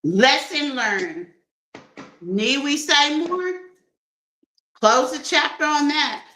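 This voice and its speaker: A woman's voice: high voice, animated, slow, pushed and bright, reverberant, rough recording. A woman doing a casual tarot reading for her viewers, playful and laughing often as she talks to them like friends. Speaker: tarot reader.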